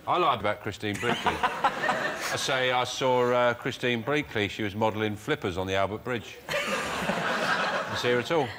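A man's voice: medium pitch, expressive, a little slow, pauses often. A man on a comedy panel telling rambling made-up stories, laughing as he goes. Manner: playful, laughing as he tells tall tales. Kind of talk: rambling comic anecdotes. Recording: studio with loud audience and noise.

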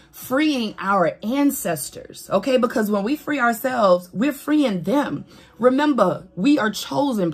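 A woman giving a casual spiritual reading to camera, animated and preachy, talking straight to her viewers with swearing and laughs. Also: medium pitch, slightly rough. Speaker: tarot reader.

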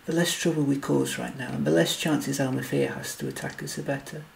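A man voicing a tall male alien, usually calm, speaking earnestly and insistently. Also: mid-range voice, fairly quick, creaky, far from the mic, a little hiss or hum.

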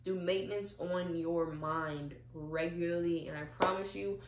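Lively young woman, low voice, roomy echo. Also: a little slow, noisy background. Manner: animated storyteller, acts out little dialogues. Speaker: vlogger. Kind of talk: casual talk to camera. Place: at home, seated in a chair.

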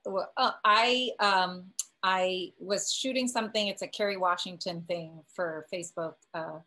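Animated woman telling a story. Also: lowish voice, measured pace, poor audio. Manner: animated, acts out quoted voices. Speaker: actor and cast member. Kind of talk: casual storytelling on a panel.

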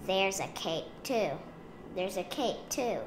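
A woman voicing a kind, amused mother polar bear in a picture book, gentle in manner. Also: mid-range voice, animated, slow pace, roomy sound, background noise. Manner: gentle, warm-hearted.

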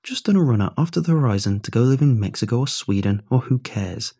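A man narrating a horror story in a steady, measured way. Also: mid-range voice, slightly rough.

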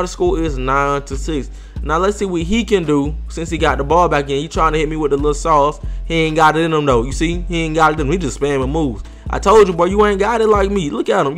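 A young man giving a slangy, excitable gameplay commentary voice-over, trash-talking his opponent. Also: a little high. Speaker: gaming video creator.

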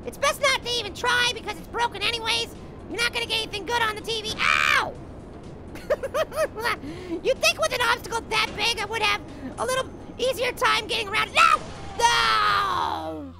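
A tiny hyper cartoon apple chatters through a game in a piercingly high, bouncy voice with a gravelly edge. It giggles, yells at obstacles and blurts out silly catchphrases. Loud game music plays under the voice. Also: female voice, expressive, normal speed, full character voice. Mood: excited. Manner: giddy, laughs often, coins silly catchphrases, shouts at game. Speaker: gameplay commentator. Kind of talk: cartoon gaming commentary. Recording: game music playing behind the voice. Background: game music and sound effects.

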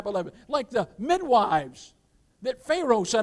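A man's voice: high-pitched, expressive, moderate pace. A man pastor preaching an emphatic sermon, quoting scripture, calling the congregation "beloved" and asking for amens. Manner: addresses listeners as "beloved", keeps asking for amens.

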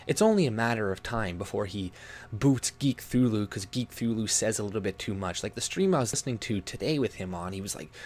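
Angry canadian guy ranting on his channel, cusses a ton, middle pitch. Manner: heated, swearing, mocks others in put-on voices. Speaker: YouTube commentator. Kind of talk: ranting commentary video.

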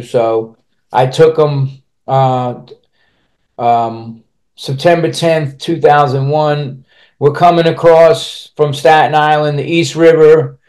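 A man's voice: on the high side, steady tone, slow, a little mellow. A man speaking as a podcast guest, telling a personal story candidly and bluntly, swearing freely and restarting his sentences as he rambles on.

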